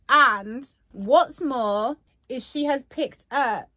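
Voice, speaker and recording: A woman vlogging casually while unboxing gifts, gushing and excitable. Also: high voice, very slow. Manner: gushing and excitable, many fillers.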